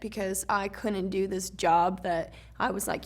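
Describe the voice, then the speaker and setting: A woman's voice: medium pitch, steady tone, measured pace, noisy background. A young woman in casual chat, candid and rambling, laughing at herself. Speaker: yacht crew member on a reality-show after show.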